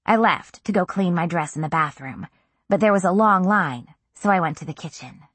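A woman's voice: fairly low pitch, animated, moderate pace, a bit bright, breathy edge, no room sound. Woman audiobook narrator, first-person novel, intimate delivery, dry close sound.

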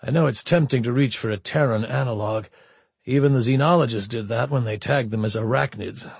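Man playing a weary captain, soft and steady, audiobook, close dry sound. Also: medium pitch, fairly quick, vocal fry, slightly rough, dry recording. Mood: gentle. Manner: gentle, subdued. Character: weary middle-aged male captain, gentle and steady.

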